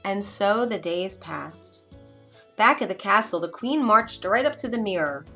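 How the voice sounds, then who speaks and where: A woman reading a fairy tale aloud in an expressive, dramatic storybook manner. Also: mid-range voice, measured pace, faint music behind.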